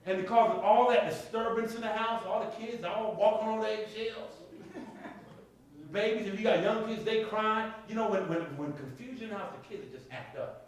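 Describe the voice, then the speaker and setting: A man's voice: high voice, normal speed. A man preaching a sermon as pastor, calling out to his congregation and asking if they are with him. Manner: call-and-response preaching, asks congregation. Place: church sanctuary. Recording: echoey hall from far off.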